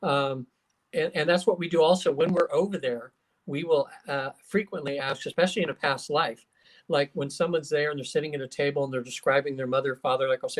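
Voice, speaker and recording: A man, a hypnotherapist and guest, telling stories in a casual, animated way, acting out quotes with plenty of fillers. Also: a little high, fast talker. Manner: animated storyteller, acts out quotes, many fillers. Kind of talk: casual storytelling interview.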